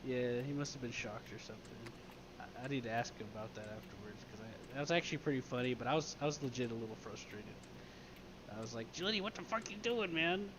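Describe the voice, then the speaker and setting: A man chatting casually, recounting a game scene in an animated way, swearing often and acting out quoted lines. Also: mid-range voice, fast talker, background noise. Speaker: streamer in role-play game.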